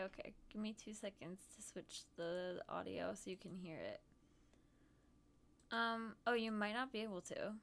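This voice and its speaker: A woman's voice: mid-range voice, vocal fry, a bit bright, slight background noise. A woman streamer chatting casually about her trip while showing photos, bubbly and giggly with lots of "um" and "like".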